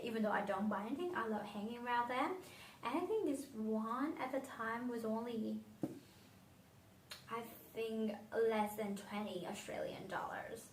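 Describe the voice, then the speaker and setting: In a casual fragrance review, a young woman from Vietnam who isn't a native English speaker reflects dreamily on her favourite perfumes, her thoughts frequently trailing away. She's a beauty vlogger with a slightly high voice. Slight background noise, roomy echo and a somewhat distant mic mark the recording.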